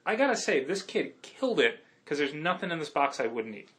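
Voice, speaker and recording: A man's voice: on the high side, sing-song, fairly quick, a bit bright. A man co-hosting a podcast in casual chat, wry and joking, sometimes talking with his mouth full. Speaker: podcast co-host.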